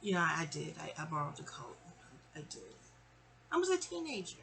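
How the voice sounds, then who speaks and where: A New woman in her fifties tells a rambling family story in a chatty, animated way. She often breaks off into asides. Her voice is bright and forceful. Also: sits low, fairly quick, vocal fry. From New York City. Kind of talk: casual storytime venting.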